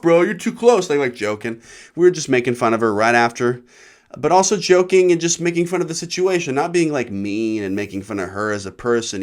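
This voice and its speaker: A man from Nebraska, a comedian hosting his own show, telling a rambling, profane story. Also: medium pitch. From Nebraska, USA. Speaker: comedian podcast host.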